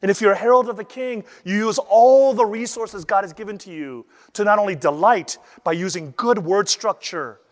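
A man teaching how to deliver a sermon, lively and acting out the voices he quotes. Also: high-pitched, normal speed, hardly any pauses, in a large hall. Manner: animated, acts out quoted voices. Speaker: preaching instructor.

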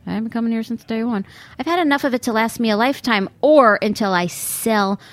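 A woman's voice: fairly high pitch, fairly quick, no echo. Sardonic rambling woman podcaster. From Brooklyn, United States. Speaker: podcast host. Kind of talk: sarcastic comic monologue. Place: sitting near a busy pizza restaurant.

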